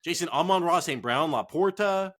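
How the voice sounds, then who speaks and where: A man co-hosts a casual sports chat in a fairly high, lively voice that swings widely in pitch. He rambles, swears freely and gets worked up easily. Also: moderate pace. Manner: profane, excitable, rambling. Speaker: fantasy football podcast co-host.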